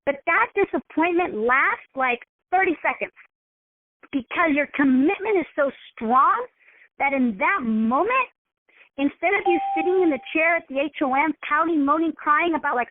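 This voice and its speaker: A woman wellness coach giving a motivational coaching talk, constantly checking in with her listeners and acting out scenarios in animated voices. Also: high voice, normal speed, dry recording. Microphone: telephone. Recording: tinny phone line.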